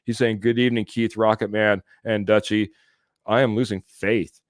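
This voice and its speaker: A man hosts a live sports podcast, reading out viewer comments and chuckling along as he goes. His voice sits on the low side and sounds smooth and resonant. The sound is dry and close to the mic. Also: little pitch movement, moderate pace, dry recording. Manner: chatty, laughs often, reads comments aloud. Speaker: podcast host.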